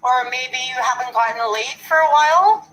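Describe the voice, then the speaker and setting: A woman's voice: high-pitched, moderate pace, a bit bright. A woman streaming as an online psychic, talking back to her chat in a defiant, confrontational way. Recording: echoey room with faint noise.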